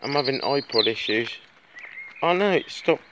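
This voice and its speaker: A man rambling chattily into his phone while walking home on a dark road at night, swearing freely as he talks. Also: medium pitch, expressive, moderate pace. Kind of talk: casual vlog monologue. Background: birds tweeting, faint outdoor noise.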